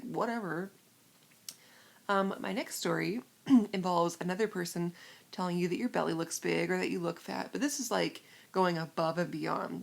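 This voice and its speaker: Gravelly, chatty woman from Iowa. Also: lowish voice. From Iowa, USA. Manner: animated, lots of "like" fillers. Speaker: vlogger. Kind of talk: casual storytelling.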